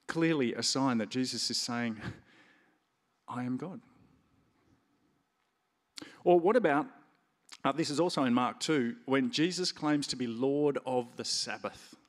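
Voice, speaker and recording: A man preaching a sermon in a conversational way, stressing key words with lively emphasis. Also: medium pitch. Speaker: pastor. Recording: reverberant hall.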